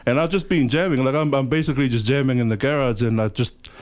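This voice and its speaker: A New Zealand-accented man in his thirties, medium-pitched and quick-paced, guests on a radio show as a rapper. His interview chat is relaxed and rambling, loaded with fillers.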